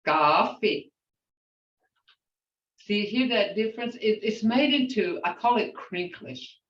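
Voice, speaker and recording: An older woman, a language teacher, slowly repeating words so her class can hear how they are pronounced, and talking in an outspoken way. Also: mid-range voice. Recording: roomy, distant, dull lo-fi sound.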